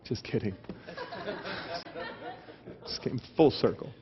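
A man preaching a sermon as pastor, telling a long humorous story in an animated way. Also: medium pitch, slow, noisy background. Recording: dull recording with long hall reverb.

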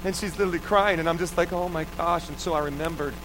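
A man's voice: a little high, very fast, noisy background. A man preaching a sermon, telling a personal story and putting rhetorical questions to the congregation. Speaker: pastor.

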